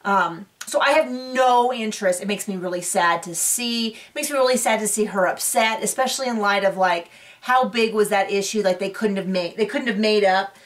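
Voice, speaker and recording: A woman's voice: mid-range voice, moderate pace, distant mic. A woman hosting a casual recap show, chatty and opinionated with sarcastic asides, recorded a bit away from the mic.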